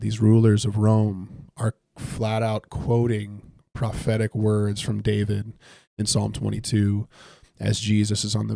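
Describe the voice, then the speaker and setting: A man's voice: lowish voice, vocal fry, dark tone, dry recording. A man leading a casual Bible study while gaming, talking it through conversationally with frequent restarts. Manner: conversational, thinks aloud with restarts. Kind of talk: casual Bible teaching while playing a video game.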